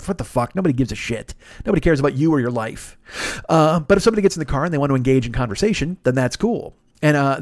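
Fast-talking, profane man with a radio voice. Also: dry recording, clean studio sound. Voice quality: deep radio-style voice. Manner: profane, rambling storyteller who acts out other people's voices. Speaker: podcast host. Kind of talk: casual solo monologue.

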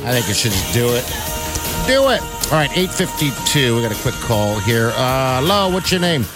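A man's voice: mid-range voice, expressive, fairly quick, loud music behind the voice. Easygoing man hosting a radio show. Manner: jokey, easygoing, laughs often. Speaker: radio morning show host. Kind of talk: casual radio banter. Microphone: studio microphone.

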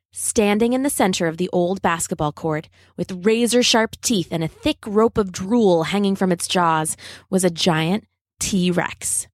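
A woman reading a children's adventure story aloud, steady and dramatic. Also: medium pitch.

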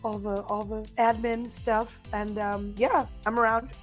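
A woman in her thirties, a comedian guest chatting casually on a podcast and acting out the voices of people she quotes in lively stories. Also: a little high, a little slow, faint music behind. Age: 30s.

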